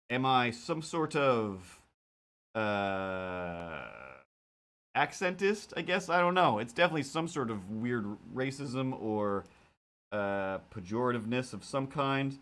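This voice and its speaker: A man's voice: medium pitch, expressive, takes it slowly, a bit bright. A man who is a cartoonist and live streamer, chatting casually in a rambling way, with lots of fillers and playful quotes of his own thoughts.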